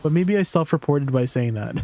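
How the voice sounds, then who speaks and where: A man's voice: a little high, lively intonation, normal speed, warm tone. A man livestreaming a game, chatting casually in a rambling way with lots of fillers and laughing at himself. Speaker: streamer.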